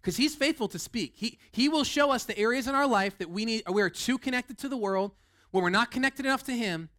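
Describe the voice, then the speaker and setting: A man's voice: very high voice, lively intonation, a little fast, a bit bright. Fired-up young man preaching. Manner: fired-up, rambling with many "like" and restarts. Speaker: lead pastor. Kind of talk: energetic sermon.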